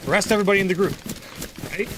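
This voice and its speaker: A man's voice: sits high, steady tone, very fast, background noise. Earnest, rambling man streaming. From United States. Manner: earnest, opinionated, rambling with restarts. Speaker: gaming livestreamer and lawyer. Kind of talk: casual livestream chat.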